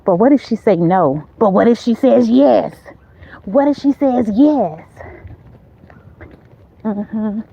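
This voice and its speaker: Slow-talking woman host on a walk. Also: on the high side, lively intonation, gravelly, warm tone, husky, dull audio. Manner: chatty, talks straight to viewers, repeats herself; walking as she talks, upbeat and encouraging. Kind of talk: casual live-stream chat while walking. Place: outdoors on a neighborhood street. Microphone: phone held while walking.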